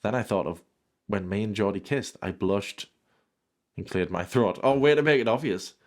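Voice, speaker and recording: A man's voice: lowish voice, normal speed. A man reading a fan story aloud and breaking off for dry, sarcastic comments. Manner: dry sarcastic interruptions, mock outrage. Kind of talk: comedic reading with sarcastic asides.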